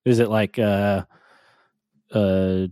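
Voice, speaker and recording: A young man co-hosting a podcast, talking in a relaxed, casual way and thinking out loud. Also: fairly low pitch, extremely slow, clean tone, dry recording. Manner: relaxed, thinks aloud with fillers. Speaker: podcast co-host. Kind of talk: casual chat.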